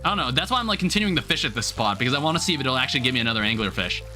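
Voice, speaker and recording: A man's voice: mid-range voice, sing-song, racing, pushed and bright. A young man chatting casually on a live stream while he plays a game, thinking aloud in a rambling way with lots of filler words. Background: faint game music.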